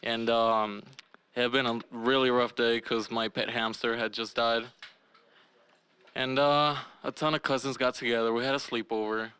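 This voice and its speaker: A young man telling a crude comic story in an unhurried, deadpan way with fillers. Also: mid-range voice, clear, resonant tone, no room sound. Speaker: cameraman guest.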